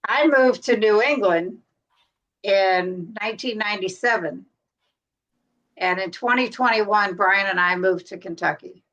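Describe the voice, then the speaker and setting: A woman from the American Midwest hosting a casual live stream chat, talking in quick asides and laughing often. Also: medium pitch, fairly bright tone, muffled recording. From Cincinnati, USA.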